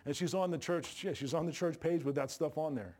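A man's voice: on the high side, fairly quick, a little mellow. A man preaching a sermon in a church, folksy and joking, with plain colloquial grammar. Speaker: pastor. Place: church sanctuary. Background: congregation responses.

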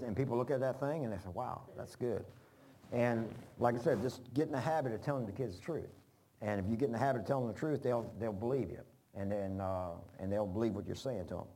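A man's voice: on the low side, brisk, warm tone. A man preaching an informal sermon, folksy and rambling, repeating phrases for emphasis. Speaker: pastor.

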